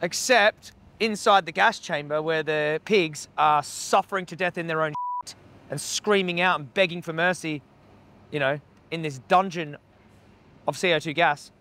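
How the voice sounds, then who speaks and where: A high-pitched man with a bright, cutting voice, heckling workers and passers-by outside a slaughterhouse. He talks bluntly and swears freely as he argues. The sound comes from a handheld camera out on the street. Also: normal speed, a little hiss or hum. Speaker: animal rights activist. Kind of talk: confrontational street activism. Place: outdoors by a slaughterhouse.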